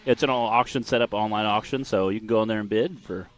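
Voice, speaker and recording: A man's voice: fairly low pitch, fast talker. A man giving casual live commentary on an off-road race, chatty and joking, with restarts and fillers.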